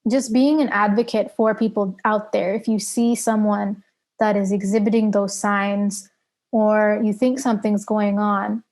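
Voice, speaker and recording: A woman's voice: medium pitch, steady tone, unhurried, darkish tone. A woman being interviewed about her work at a nonprofit, explaining things earnestly and casually, with fillers. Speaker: interview guest, nonprofit advocate.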